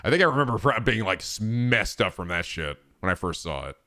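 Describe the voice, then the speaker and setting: A man's voice: on the low side, sing-song, fairly quick, pushed and bright. A man chatting casually on his stream, rambling with lots of fillers, restarts and swearing.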